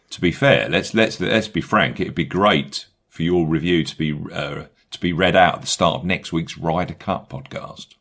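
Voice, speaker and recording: Deep-voiced man hosting a golf podcast. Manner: brisk, upbeat promo reading that loosens into laughing banter. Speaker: podcast host. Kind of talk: golf betting podcast chat.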